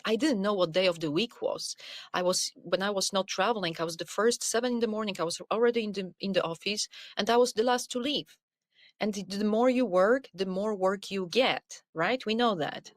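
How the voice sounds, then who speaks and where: A middle-aged woman guest on a podcast, telling her career story in an earnest, animated way, with many "you know"s. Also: medium pitch, moderate pace, no echo. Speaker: podcast guest, wellness coach. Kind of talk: conversational interview storytelling.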